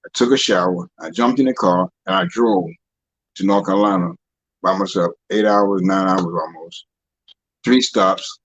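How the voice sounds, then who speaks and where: A man's voice: deep voice, lively intonation, moderate pace, creaky, a bit bright, no room sound, dull audio. A man who is a guest, a dancer and author, talking loosely in an interview, repeating words as he retells his stories. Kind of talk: casual interview talk.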